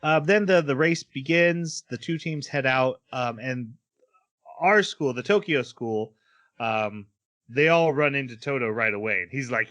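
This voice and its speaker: Man, bright voice, casual anime podcast host, laughs while recapping, acts out quotes. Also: mid-range voice, a little slow.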